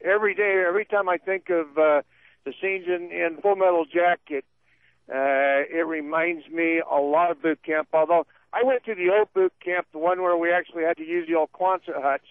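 A man's voice: fairly high pitch, fairly even intonation, moderate pace, clean tone, no room sound. A man calling in to a talk radio show, chatty and complaining. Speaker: caller. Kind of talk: casual call-in chat. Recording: tinny phone line.

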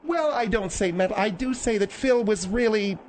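A woman co-hosting a call-in radio show, speaking calmly and reassuringly. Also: medium pitch, moderate pace, a little hiss or hum. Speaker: talk show co-host.

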